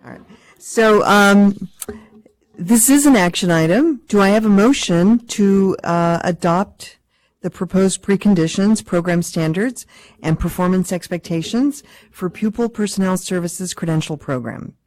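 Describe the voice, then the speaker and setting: A woman chairing a commission meeting, calling for motions and votes in a brisk, procedural way. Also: mid-range voice, a little mellow.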